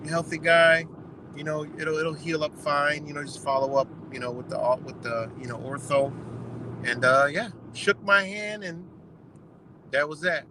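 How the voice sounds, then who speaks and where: A man's voice: fairly high pitch, fairly even intonation, noisy background. Young man telling a story outdoors. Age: young adult. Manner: retells doctors' talk in quick quoted exchanges, swears freely. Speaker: vlogger. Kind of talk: casual storytelling.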